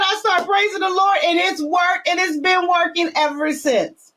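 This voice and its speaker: A woman hosting a casual video call chat from home, telling a story with lively acted-out quotes. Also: very high voice, moderate pace. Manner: animated storyteller, acts out her own quotes. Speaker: host. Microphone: webcam on a video call.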